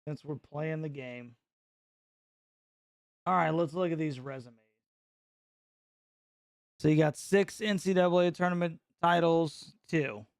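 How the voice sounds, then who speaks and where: A middle-aged man from North Carolina hosting a casual live reaction stream, joking and mocking his chat with excitable banter. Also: on the high side, a little slow, pauses often, no echo, studio quality.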